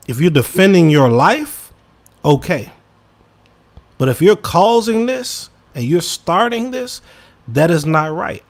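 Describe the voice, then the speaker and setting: A man talks through an opinion podcast in a mid-range voice. He turns emphatic, jumping up into loud, high bursts and then dropping into low, quiet mutters. He speaks straight to his listeners in a loose, conversational way. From Chicago. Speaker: podcast co-host. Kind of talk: casual opinion commentary.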